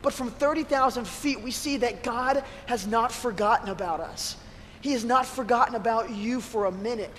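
A man's voice: very high-pitched, normal speed, a bit bright. A man pastor giving a sermon, talking conversationally and telling stories with self-deprecating humor. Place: church sanctuary. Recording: long church-hall reverb with faint room noise.

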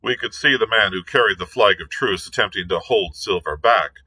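A male librarian reading a classic novel aloud in a measured storytelling manner. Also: on the low side, sharp tone, slightly rough, poor audio. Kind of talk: read-aloud narration.

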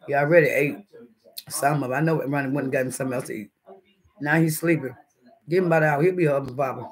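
A man's voice: mid-range voice, fast talker, pauses often. A man hosting a casual live stream, chatting and reading the chat aloud as he eats breakfast, laughing often. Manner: laughs often, with sudden loud outbursts.

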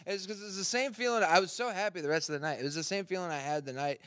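A man, a guest comedian, chatting casually in an excitable way and saying dude and bro. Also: sits high, fast talker, no echo, studio quality. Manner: excitable, laughs a lot, says dude and bro. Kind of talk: casual banter.

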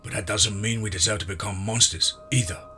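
A man's voice: lowish voice, fairly even intonation, fairly quick, over music, natural voice. A man voicing a frightened younger brother who speaks earnestly and pleadingly.

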